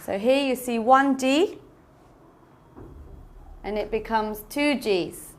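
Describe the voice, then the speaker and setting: A woman teaching an English lesson at an unhurried, deliberate pace. Her voice sits a little high. She repeats each example and spells out endings letter by letter, with patient care. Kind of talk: slow classroom explanation.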